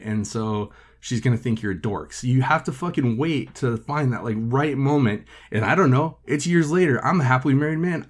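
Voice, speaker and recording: A man's voice: mid-range voice, darkish tone. A man hosting a podcast and telling a story in a casual way, swearing often and filling his talk with "like" and "uh". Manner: profane, filler-heavy with frequent "like". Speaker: podcast host.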